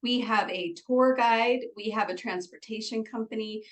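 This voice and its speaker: A woman's voice: on the high side, moderate pace, low-quality recording. A woman guest on an interview, bubbly and chatty, giggling often and filling with "like" and "um.". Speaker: guest, retreat organizer. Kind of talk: conversational interview.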